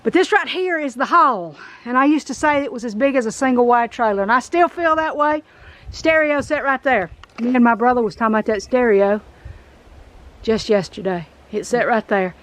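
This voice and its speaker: A middle-aged woman, Southern US accent, walks through an abandoned house outdoors for her vlog, talking in a folksy, emotional, casual way. She speaks at a moderate pace in a voice that's on the high side and a bit bright.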